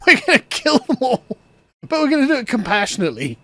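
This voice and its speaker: A man's voice: extremely high pitch, huge pitch swings, fast, bright, forceful tone, no echo, voice pushed up, full character voice. A man mimicking a smug, cheerfully cruel woman politician in a mocking singsong voice.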